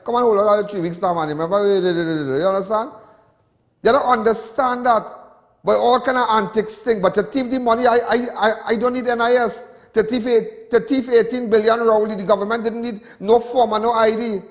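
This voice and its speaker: Speaking in a voice that sits high, a Trinidadian show host rants passionately and says the same things over and over. The audio has a big-room quality, and he hails from Trinidad and Tobago.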